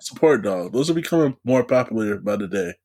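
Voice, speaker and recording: A woman's voice: a bass voice, lively intonation, brisk, warm tone, slightly rough. A woman in a casual podcast chat, making short dry comments.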